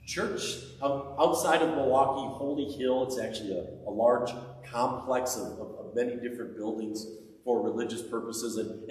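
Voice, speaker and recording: A middle-aged pastor preaches at a middle pitch, earnest and building to emphatic, taunting bursts. He is picked up from a distance, and his voice rings in a roomy church with a long reverb tail. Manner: earnest storytelling, lively emphatic taunting with pauses. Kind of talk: sermon. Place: church sanctuary. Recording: echoey church from far off.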